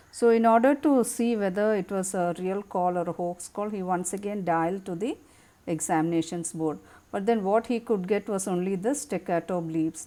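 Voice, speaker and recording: An English teacher with a lowish, warm voice gives a lesson by reading a passage aloud, then explaining it line by line in simple words.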